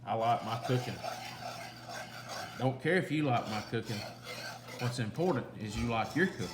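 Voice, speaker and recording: A home cooking video host demonstrates a recipe in his kitchen, chatting folksily and straight to his viewers. His medium-pitched voice is animated and moderately paced, the sound roomy, with whisking, cooking sounds and other background noise.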